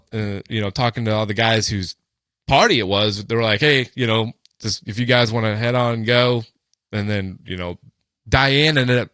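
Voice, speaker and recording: Bright-voiced man telling a story. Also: on the low side, no echo. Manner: loose and profane, with many fillers like "like" and "you know". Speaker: podcast co-host. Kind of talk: casual storytelling.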